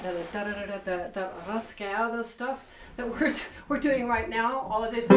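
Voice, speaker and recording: A woman piano teacher counts beats and scats the rhythms aloud as she plays, stressing every accent with enthusiasm. Her slightly high voice sits back from the mic in a roomy space. Loud piano fills the background. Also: recorded from a distance. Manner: enthusiastic, emphatic about articulation. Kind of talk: piano tutorial, counting and singing along. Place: room with a piano. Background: piano playing.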